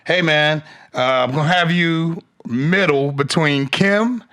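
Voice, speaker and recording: A man appearing as a comedian guest on a podcast, chatting casually and stammering when he gets excited. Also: fairly high pitch, takes it slowly. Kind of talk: casual chat.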